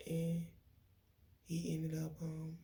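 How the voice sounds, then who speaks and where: A young woman, venting to her viewers in a casual, animated story full of quoted dialogue. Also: deep voice, drawn-out words. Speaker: vlogger.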